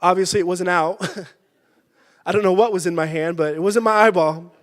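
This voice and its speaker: High-pitched guy preaching, animated story, big echoey church hall. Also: normal speed. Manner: animated storytelling, shouting in bursts. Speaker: pastor. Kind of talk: sermon. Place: church sanctuary. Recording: church hall with long reverb.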